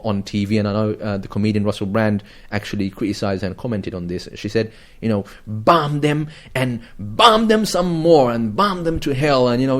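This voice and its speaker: Low-voiced male radio host, joking. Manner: joking, animated, many fillers and restarts. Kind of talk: casual current affairs radio chat. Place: radio studio.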